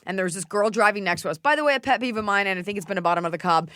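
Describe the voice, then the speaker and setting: A woman in her thirties hosting a podcast, chatting casually in a quick, joking and animated way. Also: medium pitch. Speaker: podcast host. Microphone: studio mic without headphones.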